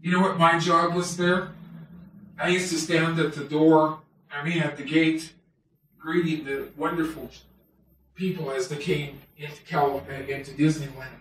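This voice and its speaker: A man's voice: on the high side, flat delivery, unhurried, a bit bright, slight background noise. A man voicing a chatty male toy wolf who tells his life story in a rambling, self-mocking way, as a homemade comic monologue. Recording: very echoey room, voice far from mic.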